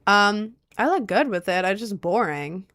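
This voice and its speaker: A woman's voice: mid-range voice, lively intonation, unhurried, a bit bright. Chatty young woman with a faint Southern lilt. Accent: slight Southern lilt on some words. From rural Maryland, United States. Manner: rambling, chatty, with frequent fillers and laughs. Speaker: streamer answering chat. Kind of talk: casual chat.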